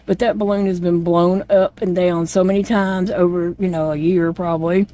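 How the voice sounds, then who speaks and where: A woman's voice: lowish voice, steady tone, moderate pace, warm tone. A middle-aged woman chats casually to her vlog camera. She tells her story in a plainspoken, rambling way, with plenty of fillers and restarts. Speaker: chronic illness vlogger.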